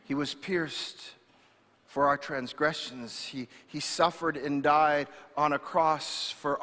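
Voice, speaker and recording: A man's voice: fairly high pitch, fairly bright tone. A male pastor preaching an impassioned sermon, often restarting with repeated words. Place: church sanctuary. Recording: reverberant church hall.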